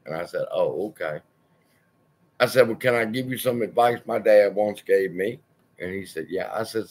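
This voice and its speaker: A man's voice: lowish voice, normal speed, a little mellow. A man hosting his own channel, telling a personal story in a rambling, profane, wry way. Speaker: channel host.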